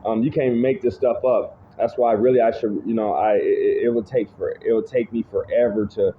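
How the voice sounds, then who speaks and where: A fairly low-voiced man speaks through tinny, phone-like audio with a faint hiss underneath. He tells his testimony casually and rambles, restarting his sentences and checking in with "you know what I'm saying". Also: fairly even intonation, a little fast. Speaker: speaker giving personal testimony.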